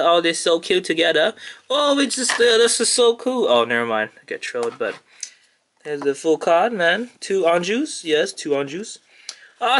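Excitable, foul-mouthed man unboxing cards. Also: medium pitch, a little hiss or hum. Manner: excitable, swears often, gushes over cards. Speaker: card unboxing vlogger. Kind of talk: casual unboxing commentary. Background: crinkling packaging and clicks.

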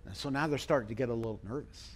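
A middle-aged man preaching a sermon as pastor, telling a story and acting out the quoted voices. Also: racing. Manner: storytelling, acts out quoted voices with big pitch swings.

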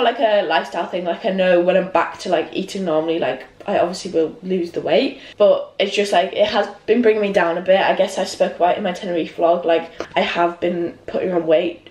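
A woman's voice: on the low side, reverberant. A young woman vlogging casually at home, chatty and peppered with "like". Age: young adult. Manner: chatty, heavy use of "like". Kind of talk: casual vlog chat. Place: home kitchen indoors.

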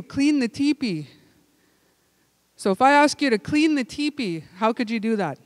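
A man leading a language-camp group game indoors, calling out playful, energetic instructions. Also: very high voice, clear, resonant tone, no echo. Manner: energetic, playful, giving loud calls and instructions. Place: indoor room with tables.

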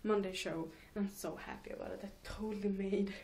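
A woman's voice: medium pitch, fairly even intonation, fairly quick, darkish tone, a little hiss or hum. A teenage girl rambling casually in a home vlog, giggling and mocking herself between thoughts. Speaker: vlogger.

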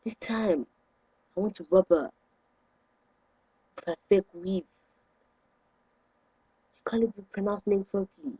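Male vlogger, excitable ranter, mellow dry tone. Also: high voice, a little slow, long pauses, slightly rough, no room sound, poor audio. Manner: indignant, excitable rant with sudden loud outbursts. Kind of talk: ranting to camera.

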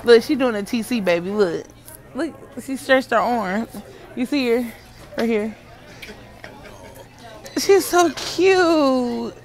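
A woman's voice: a little high, unhurried. A woman filming a casual vlog in a pet store, cooing at puppies. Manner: cooing, baby-talk at puppies. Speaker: vlogger.

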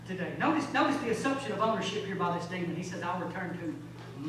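A man preaching a sermon, emphatic and rhetorical, moving between loud exhortation and low urgent passages with folksy asides. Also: lively intonation, fast. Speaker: pastor. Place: large church sanctuary. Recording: very echoey hall, distant mic, faint hum.

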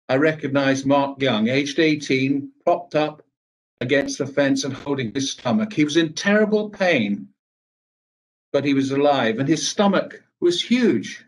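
An older man giving a speech, telling a personal recollection in a measured, grave way with pauses. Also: mid-range voice. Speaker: speaker at a veterans' event.

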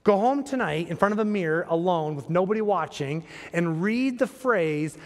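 A male pastor delivers a sermon in a church sanctuary, his fairly high voice trailing off into a long reverb. He keeps it conversational and often turns to the congregation with rhetorical questions. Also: expressive, moderate pace.

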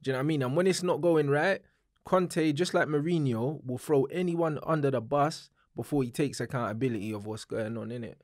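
A man's voice: medium pitch, darkish tone, no room sound. Young man, dry close sound. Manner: agrees briefly, then argues in quick bursts. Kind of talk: casual football chat.

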